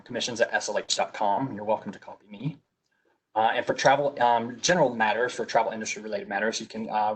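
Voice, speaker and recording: A man's voice: mid-range voice, husky, poor audio. A man with a Southern US accent hosting a webinar over a video call, reading announcements politely with frequent fillers, a little sick. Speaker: webinar host.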